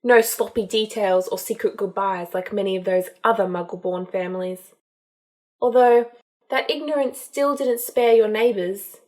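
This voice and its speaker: A woman's voice: mid-range voice, normal speed, darkish tone, lightly acted. A woman voicing a cold young wizard man. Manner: cold, matter-of-fact confession. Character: young male wizard, cold, confessing past killings. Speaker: audiobook reader. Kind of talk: fan fiction audiobook reading.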